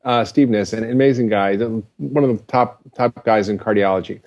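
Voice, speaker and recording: A man's voice: on the low side, a little fast, a little mellow, dull audio. A man who is a physician, a guest on a podcast, earnestly explaining science and telling anecdotes. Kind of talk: casual interview chat.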